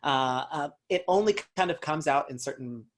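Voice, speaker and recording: A man's voice: a little high, moderate pace, slight background noise. A man from North Carolina with a light Southern accent, a dialect coach thinking aloud as he answers interview questions. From North Carolina, USA. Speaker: actor and dialect coach, guest.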